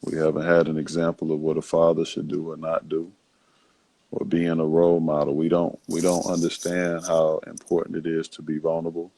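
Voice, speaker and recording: Host, male, very low and raspy, halting reflective delivery. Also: completely flat delivery, warm tone, dry recording. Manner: halting, full of fillers and restarts. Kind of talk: casual reflective talk.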